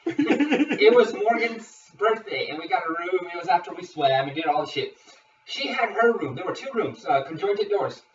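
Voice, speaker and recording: A man's voice: high-pitched, lively intonation, moderate pace, slight background noise. A young man co-hosting a casual podcast, telling a story animatedly with swearing and acted-out quotes. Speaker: podcast co-host. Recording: roomy, distant, dull lo-fi mic.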